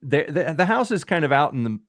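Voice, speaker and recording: A man's voice: fairly high pitch, big pitch swings, a little fast, a bit bright, no room sound. Rambling male film reviewer, dry sound. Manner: rambling, with frequent restarts and acted-out quotes. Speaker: movie reviewer. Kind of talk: casual discussion reacting to a trailer.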